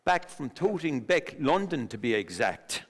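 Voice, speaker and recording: A man's voice: mid-range voice, big pitch swings, a little slow, background noise. An actor playing a rambling, superstitious pub storyteller with an Irish accent, stammering as he spins his tales on a theatre stage. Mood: storytelling. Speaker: pub regular telling a story. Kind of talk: filmed stage play acting. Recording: long stage reverb.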